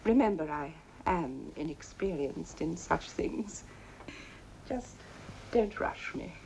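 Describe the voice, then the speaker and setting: An actress playing a prim woman who feigns innocence with drawn-out coyness. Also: low-pitched, animated, vocal fry, dark tone, a little hiss or hum, heavily acted, poor audio. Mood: coy. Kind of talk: film comedy acting.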